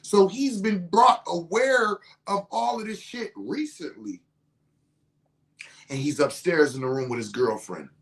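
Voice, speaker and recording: Low-voiced woman telling a profane story. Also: measured pace. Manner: animated and profane, acting out other people's lines with big pitch jumps. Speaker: podcast host. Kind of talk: casual storytelling.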